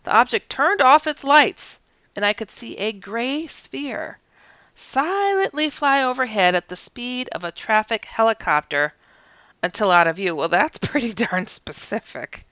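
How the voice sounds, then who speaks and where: A woman's voice: fairly high pitch, expressive, a little slow, a bit bright, dry recording, muffled recording. A woman hosting a news show, reading sighting reports aloud and adding wry, chatty asides.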